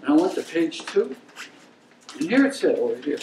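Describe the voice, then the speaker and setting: A man's voice: high-pitched, sing-song, normal speed, pauses often, darkish tone. An older man giving an anecdotal lecture, telling stories in a blunt, emphatic, opinionated way. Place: lecture room. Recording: roomy, distant mic with faint hiss.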